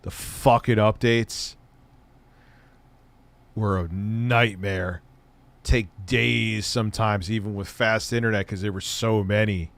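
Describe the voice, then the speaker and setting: A man in middle age with a somewhat low voice hosts a live stream. He talks in a loose, rambling, casual way and swears freely as he chats. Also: steady tone, takes it slowly, creaky, pauses often, a bit bright. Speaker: streamer host.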